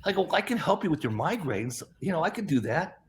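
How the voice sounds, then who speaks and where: A man's voice: fairly high pitch, sing-song, a little fast. A middle-aged man, a guest on an interview, telling a long story in a rambling way, often repeating words and quoting people in his own voice. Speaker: guest, health practitioner.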